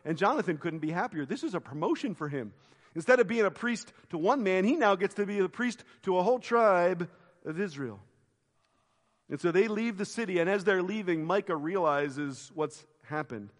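A male pastor delivers a sermon in a church sanctuary, with a voice that sits a little above the usual male pitch. He tells the story vividly, acting out quoted lines and sinking into hushed reflection. The hall's long reverb rings behind his words. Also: expressive, normal speed.

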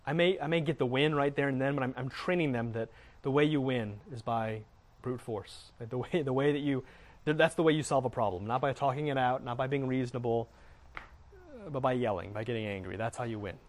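A man's voice: mid-range voice, fairly quick. A middle-aged man teaching earnestly on faith, often repeating words as he speaks. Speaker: Christian teacher.

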